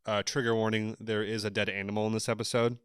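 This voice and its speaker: Measured man, argumentative podcast co-host. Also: lowish voice, little pitch movement, a bit bright, clean tone, dry recording, clean studio sound. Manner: measured, argumentative, hedging with restarts. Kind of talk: casual chat.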